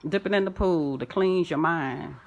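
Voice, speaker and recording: A woman delivering a rambling spiritual monologue, full of wordplay and sing-song turns, swinging from loud declarations to soft asides. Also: on the low side, moderate pace, creaky, phone-quality sound. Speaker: spiritual self-help vlogger. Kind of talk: rambling spoken-word monologue.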